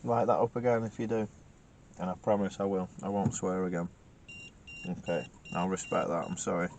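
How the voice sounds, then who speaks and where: A man's voice: sits low, little pitch movement, moderate pace, creaky, darkish tone. A man, a paranormal investigator who chats casually, jokes and laughs often while he asks the spirits direct questions. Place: inside a car at night. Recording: noisy field recording.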